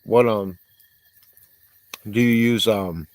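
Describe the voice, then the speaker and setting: A man's voice: on the low side, fairly even intonation, takes it slowly, no room sound. A man hosting a livestream, rambling in casual chat and reading viewers' comments aloud, congested and coughing. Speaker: livestream host.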